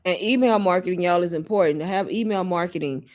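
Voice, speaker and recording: A woman's voice: lowish voice, fast talker. A woman hosting a casual live Q&A stream, chatty and laughing often, talking straight to her viewers as y'all. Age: adult mother. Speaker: livestream host answering viewer questions.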